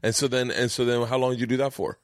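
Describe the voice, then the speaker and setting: A man hosting a podcast, reacting eagerly with quick exclamations. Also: medium pitch, little pitch movement, dry recording, studio quality. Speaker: podcast host. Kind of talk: casual interview chat.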